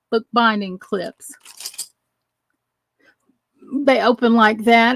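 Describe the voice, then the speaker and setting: A middle-aged woman from the United States hosting a live crafting tutorial, chatting and greeting viewers by name as she works. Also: on the high side. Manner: chatty, greets viewers by name while working with her hands. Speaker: crafting channel host.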